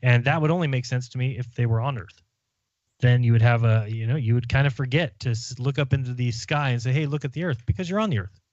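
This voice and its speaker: A man hosting a casual podcast chat, musing in a relaxed way. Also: mid-range voice, fast talker, dry recording, dull audio. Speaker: podcast host.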